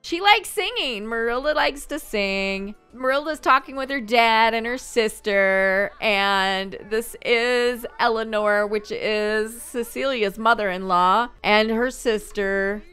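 A woman's voice: a little high, slow, hardly any pauses, pushed and bright, clear, resonant tone, soft background music. A woman hosting a gaming video, chatting casually through her gameplay and exclaiming at what happens on screen.

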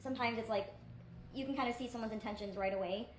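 A woman YouTuber talks fast in a voice on the high side, with slight background noise in an echoey room. She's indoors at a rental with friends, chatting casually, rambling, making fun of herself, and using many fillers.

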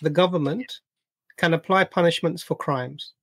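A man hosts a live panel debate with a slightly raised pitch, leading his caller with patient questions. His voice sounds dry and close, with little room around it. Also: moderate pace, a bit bright, husky, dry recording. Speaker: panel host. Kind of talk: live stream debate discussion.

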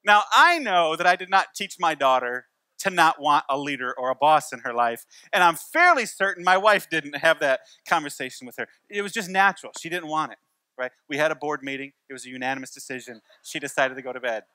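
The pastor, a man in his forties, preaches in a voice on the high side, sharp and expressive, moving a little fast with no room sound. His sermon unfolds through stories laced with wry humor and repeated key phrases.

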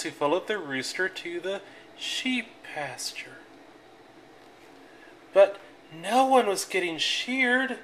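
A reader reading a children's picture book aloud in a clear, expressive way. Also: medium pitch, slight background noise.

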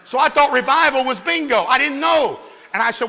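High bright-voiced guy preaching his testimony at a youth rally, jumps between soft bits and shouting, big hall echo. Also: a little fast, gravelly. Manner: animated storyteller, swings from hushed to shouting. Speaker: guest speaker giving his testimony. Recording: long hall reverb from a church venue.

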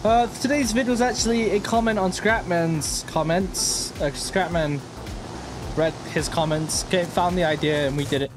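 A young man streaming a flight game, joking and reacting loudly, swinging between mock calm and yelling. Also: high voice, normal speed, background noise. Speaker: gaming streamer. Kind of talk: live gameplay commentary.

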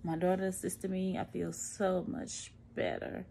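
A middle-aged woman talks into her phone at home, her voice sitting a little low. She sounds out of breath and tired, chatting candidly in a casual vlog. Faint room noise stays in the background. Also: fairly even intonation, unhurried, creaky, mellow. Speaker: vlogger. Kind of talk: casual post-surgery recovery vlog.

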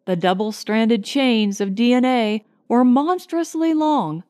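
A woman reading a science fiction short story aloud in a measured, grave storytelling manner. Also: on the high side, animated, darkish tone. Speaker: audiobook narrator. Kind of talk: scripted narration.

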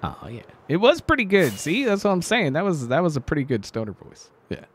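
A young man streaming a game, chatting casually and goofily, his voice a little rough from sickness and lack of sleep. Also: on the high side, fairly quick. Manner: animated, excitable, goofy. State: slightly sick, sleep-deprived voice. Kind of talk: casual live-stream chat.

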